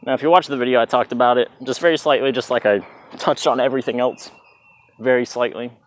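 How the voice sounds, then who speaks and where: Casual dance teacher, loose and chatty, scats the beat while demonstrating, mid-pitched male voice. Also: steady tone, fast talker. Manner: chatty, loose, vocalizes beats with "bah". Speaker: dance instructor. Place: outdoors in hot weather. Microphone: plugged-in mic, sometimes stepping away.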